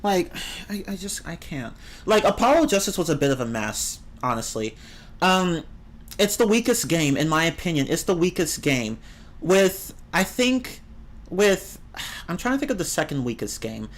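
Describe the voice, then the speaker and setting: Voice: big pitch swings, moderate pace. A game streamer in casual live-stream chat, rambling and opinionated, answering the chat. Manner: rambling and opinionated, with swings in pitch.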